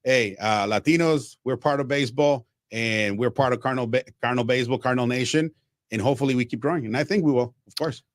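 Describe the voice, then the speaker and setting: Man from Mexico, radio guest storyteller, lively, dry studio sound. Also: mid-range voice, quick pace, no room sound. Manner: animated, acts out quotes, frequent restarts. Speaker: Spanish-language baseball broadcaster, guest.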